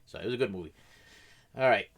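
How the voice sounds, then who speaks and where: A middle-aged man with a low, deep voice rambles through a casual chat, stacking fillers and restarts. His talk runs quick, tumbling from one thought into the next. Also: animated, vocal fry. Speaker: react video host.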